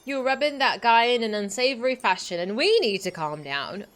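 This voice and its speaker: A woman's voice: fairly high pitch, expressive, normal speed, fairly bright tone. A young woman streamer reading a game's story aloud and chatting playfully. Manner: playful, teasing.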